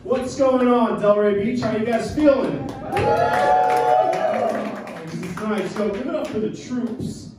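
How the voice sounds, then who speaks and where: A man's voice: high voice, slow, long pauses, very noisy. A man in his twenties from Colombia, doing a stand-up set with brash, profane banter with the crowd in a small black-box theater. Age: 20s. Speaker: stand-up comedian. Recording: echoey room from far off, loud audience.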